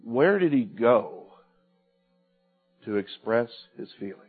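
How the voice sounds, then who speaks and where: A man preaching a sermon, swinging from loud cries to hushed, quiet lines. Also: medium pitch, very animated, slow pace, breathy edge. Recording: tinny phone-like sound with faint music.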